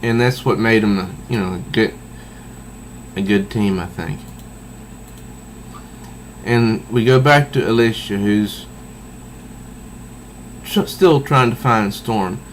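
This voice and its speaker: Slow, halting man reviewing comics. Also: on the low side, a little hiss or hum, rough recording. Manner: halting, with many restarts. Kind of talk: casual video review.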